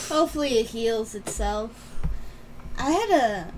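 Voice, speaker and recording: Young woman cohost, high pitched, chatty and giggly, kinda sore voice, faint hiss behind. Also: lively intonation, takes it slowly, far from the mic, rough recording. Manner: giggly, rambling and playful. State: sore, strained voice. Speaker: podcast co-host. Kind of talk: casual chat.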